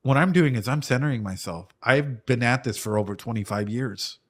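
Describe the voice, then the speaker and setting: A man's voice: mid-range voice, fairly quick. A man in his thirties chatting casually as a reaction streamer and martial arts coach, rambling through a long story full of "dude" and "right?" and the odd swear word. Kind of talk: casual chat reacting to anime.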